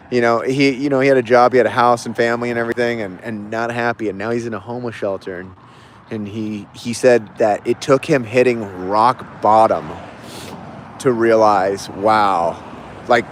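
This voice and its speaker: A man hosting a casual livestream, telling a reflective story in a halting, rambling way with many restarts. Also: mid-range voice, a little hiss or hum. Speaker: livestream host.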